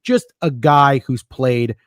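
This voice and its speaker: A man hosts a sports podcast, guiding the panel and quoting stats in a casual, frank way. His voice is medium-pitched and slow, recorded in studio quality with no room sound.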